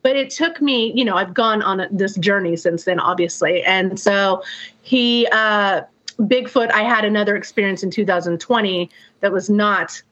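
A woman's voice: mid-range voice, normal speed. A middle-aged woman casually telling a personal story to a group, acting out noises and swearing freely. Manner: animated, acts out sounds and quotes, swears freely. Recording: dull lo-fi sound.

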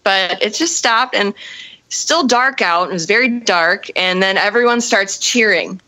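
A woman telling a story in casual chat, animated and profane, acting out the people in it. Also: medium pitch, unhurried, low-quality recording. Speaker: storyteller on a podcast.

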